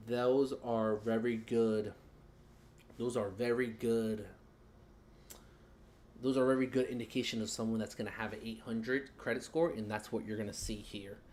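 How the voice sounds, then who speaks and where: A man's voice: on the low side, a little mellow. Chatty man explaining credit on a live stream. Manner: loose, chatty, talks while fumbling with the screen.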